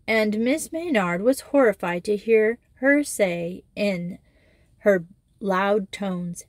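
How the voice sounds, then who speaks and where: A woman reading a children's school novel aloud in steady, measured storytelling. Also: medium pitch, no room sound. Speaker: audiobook reader.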